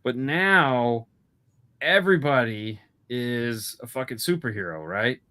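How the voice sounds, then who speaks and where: A man's voice: mid-range voice, expressive, takes it slowly, pushed and bright. A man talking movies as co-host of a casual chat show. He rambles, swears freely and keeps restarting his sentences. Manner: rambling, profane, lots of restarts. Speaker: podcast co-host.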